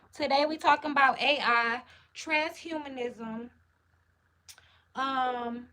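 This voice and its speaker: A woman hosts a livestream, answering comments in a hyped, slangy, casual way. Her voice is on the high side, bright and forceful, with slight background noise.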